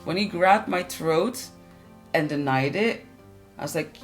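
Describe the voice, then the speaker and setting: A woman's voice: deep voice, a little slow, faint music behind. A woman telling her own experience in an earnest, intense way. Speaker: interviewee sharing her experience. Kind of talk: personal testimony.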